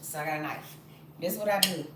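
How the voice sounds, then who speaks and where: A woman's voice: deep voice, fast, distant mic. A woman, chatting expressively to her live-stream viewers while she bakes in her home kitchen. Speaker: vlogger baking at home. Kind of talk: casual live-stream chat. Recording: very echoey room, off-mic, noisy.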